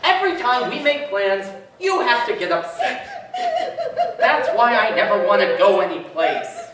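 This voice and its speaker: A man's voice: sits high, very animated, moderate pace, a bit bright. A man playing a blustering old husband. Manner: grumbling, bossy, stammering bravado. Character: older blustering male caterer husband. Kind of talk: live stage comedy acting. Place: theater stage. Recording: distant stage mic, echoey theater, audience laughter.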